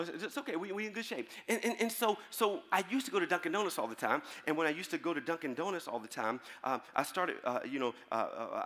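A male pastor preaching a sermon to his congregation, calling out to the crowd, then dropping into a quiet storytelling voice. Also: a little high, in a large hall. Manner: call-and-response preaching, swings from shouting to soft storytelling. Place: large church hall.

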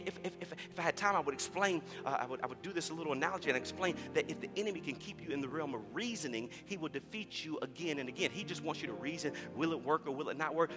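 A middle-aged man pastor preaching a sermon, swinging from easy conversational storytelling to shouted preaching. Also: a little high, big-room sound. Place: church sanctuary.

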